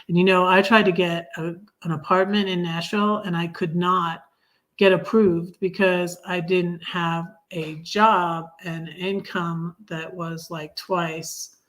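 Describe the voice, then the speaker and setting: A middle-aged woman hosting a livestream, telling a personal story in a rambling, chatty way and talking straight to her viewers. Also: fairly low pitch. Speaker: livestream host.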